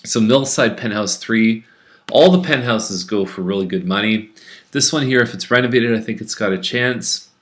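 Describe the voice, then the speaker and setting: A man's voice: fairly low pitch, moderate pace, a bit bright. A man who is a real estate agent, chatting casually through a rundown of home listings, with fillers and restarts. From Canada.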